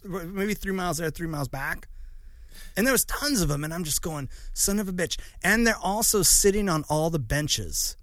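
A man's voice: a little high, animated, normal speed, fairly bright tone, no room sound, clean studio sound. A man hosting a podcast, rambling through a casual, profanity-filled story with lots of fillers. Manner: rambling, swears freely, frequent fillers. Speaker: podcast host.

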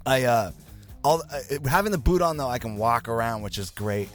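A male podcast host with a raspy, sick voice from the flu, rambling through self-mocking stories in casual chat. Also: mid-range voice, brisk, soft background music.

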